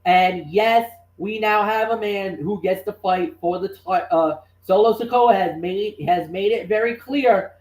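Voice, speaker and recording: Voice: medium pitch, measured pace, hardly any pauses, a little mellow, echoey room, poor audio. A co-host on a wrestling podcast, talking in a loose, rambling way with fillers before handing over to his partner. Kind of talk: casual chat.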